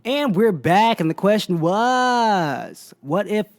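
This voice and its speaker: A man hosting a casual podcast chat, talking in quick, teasing asides. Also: high-pitched, expressive, faint music behind. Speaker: podcast host.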